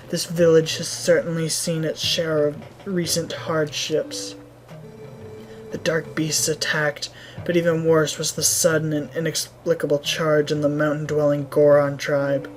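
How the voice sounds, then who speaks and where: A woman voicing a grave male village shaman in a video game, with a put-on Italian accent and slow, formal speech. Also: deep voice, flat delivery, darkish tone, a little hiss or hum, low-quality recording.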